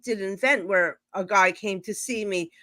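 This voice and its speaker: A woman psychic medium tells stories in a casual, blunt, animated way over a live stream video call, playing out both sides of every exchange. She speaks at normal speed in a mid-range voice, with no room sound.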